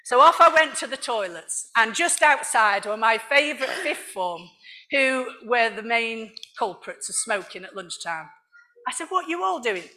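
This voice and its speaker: A middle-aged woman from Liverpool, giving an animated sermon with personal testimony and frequent laughs. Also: a little high, measured pace. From Liverpool, England. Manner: animated storytelling, laughs often. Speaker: church speaker.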